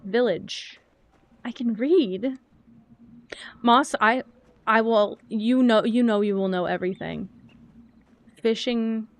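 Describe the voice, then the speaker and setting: A woman's voice: a little high, slow pace, long pauses. A woman streamer chatting casually while playing a game, rambling from thought to thought and answering her chat.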